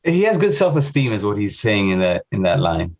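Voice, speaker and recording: A man's voice: on the low side, big pitch swings, brisk, a little mellow, dull audio. A man co-hosting a casual podcast, speaking bluntly and laughing often. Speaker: podcast co-host.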